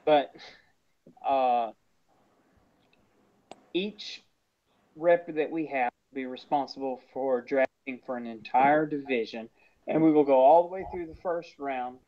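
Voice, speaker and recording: A man's voice: medium pitch, measured pace, pauses often. A man co-hosting a casual sports podcast, announcing upcoming show details with self-mocking jokes. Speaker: podcast co-host. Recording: dull lo-fi sound.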